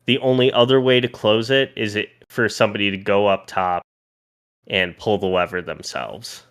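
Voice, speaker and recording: A man narrating a tabletop role-playing game as game master, pausing and restarting as he describes each scene. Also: on the low side, a bit bright, smooth.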